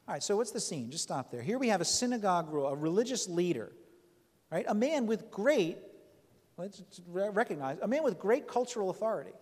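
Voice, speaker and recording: A man's voice: high voice, very animated, fairly quick, darkish tone, big-room sound. A man preaching a sermon, reading scripture aloud and explaining it in a conversational way, often checking in with "right?" and restarting phrases.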